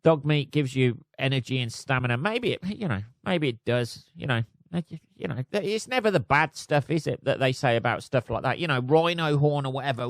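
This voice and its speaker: A man's voice: medium pitch, lively intonation, fairly quick, few pauses, dry recording, clean studio sound. A man hosting a solo podcast, reading news aloud and riffing on it in a sweary, sardonic way. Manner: sweary, sardonic, laughs at his own jokes. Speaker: podcast host.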